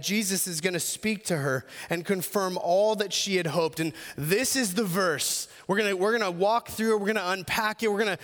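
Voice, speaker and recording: A male pastor with a high voice delivers an earnest sermon. He often restarts his phrases and slows right down on the words that matter. A long hall reverb trails his voice. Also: fairly bright tone. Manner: earnest preaching with frequent restarts, slowing on key phrases.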